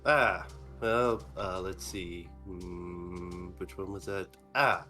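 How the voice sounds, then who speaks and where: A man's voice: low-pitched, steady tone, slow pace, pushed and bright, soft background music. A man playing a tabletop game, joking as he reels off food orders in character. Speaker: player. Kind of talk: tabletop role-play with a cook character.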